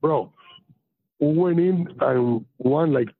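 Gravelly animated man on a phone line. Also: a little high, takes it slowly, dry recording. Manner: animated, swears, acts out loud quotes. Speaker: interview guest, retired baseball pitcher. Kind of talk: casual storytelling on a podcast. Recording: tinny phone-line sound.

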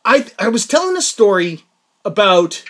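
A man hosting his own podcast, telling a story in a casual chat, excitable and swinging from loud laughing outbursts to low mutters. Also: normal speed. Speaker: podcast host. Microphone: podcast mic.

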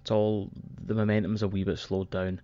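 A young Scottish man chatting casually as a podcast co-host, animated and sweary, with quick apologetic asides. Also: on the low side, no room sound, lo-fi sound. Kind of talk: casual chat.

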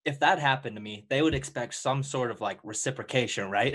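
A man's voice: mid-range voice, brisk, fairly bright tone. A young man co-hosting a casual podcast, awkward and hesitant, who laughs often while talking into a USB mic. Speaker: podcast co-host. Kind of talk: casual chat.

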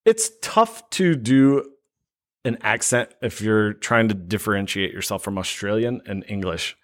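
Joking man with a lively voice. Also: fairly low pitch, unhurried. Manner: jokey, drifts into mock accents. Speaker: podcast co-host. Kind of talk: casual banter.

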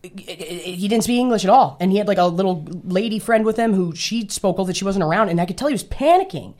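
A young adult woman chatting casually as a podcast guest, loud and profane, often laughing as she tells stories. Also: medium pitch, expressive, brisk. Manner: loud, swearing, laughing storyteller. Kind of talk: casual chat.

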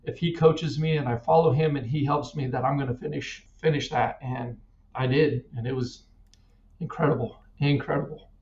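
A man's voice: medium pitch, fairly even intonation, moderate pace, darkish tone, slight background noise. A middle-aged man from Kansas, a cyclist guest, telling his story earnestly, often repeating words. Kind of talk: casual interview. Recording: echoey distant dull-sounding mic.

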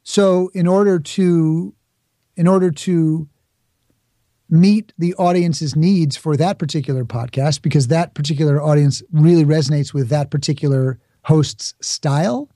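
This Bronx-born, middle-aged podcast guest speaks a little slowly in a higher, fairly even voice with a dark tone. Reflective in the interview, he illustrates points with examples and acted-out asides; the studio recording is clean with no room sound.

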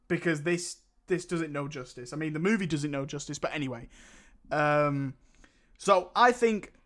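A man's voice: on the high side, a bit bright. A young man, co-hosting a casual film review podcast, joking and laughing often as he retells scenes. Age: young adult. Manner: laughs often, jokey, mimics film characters. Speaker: podcast co-host.

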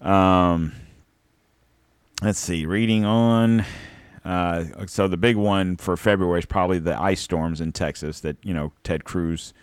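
Man, very low voice, dry close sound, sarcastic, rambling, swears a lot. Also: steady tone, unhurried, clean tone, dry recording. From Florida. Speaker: podcast host. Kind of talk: casual rambling commentary.

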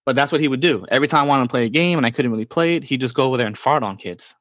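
A man's voice: medium pitch, rapid-fire, a bit bright, no echo. A man in his forties from the Bronx tells childhood stories in an easy, slangy chat. His voice sits mid-range and sounds close and dry, with no room around it. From New York, the Bronx. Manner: laid-back, slangy, says "bro" often. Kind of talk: casual storytelling chat.

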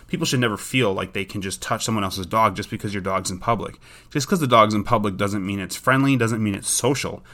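A man with a fairly low voice talks through dog-owner advice in a casual monologue. He is blunt and opinionated and often restarts his sentences as he goes. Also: a bit bright.

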